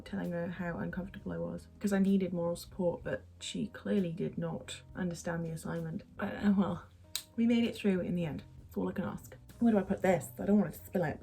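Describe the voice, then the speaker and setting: A young woman from England talks her way through a get-ready-with-me makeup routine in a mellow, warm voice. She rambles, jokes at her own expense and drops into half-whispers, with soft music under her. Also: mid-range voice. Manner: rambling, self-mocking asides, half-whispered bits. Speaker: beauty vlogger.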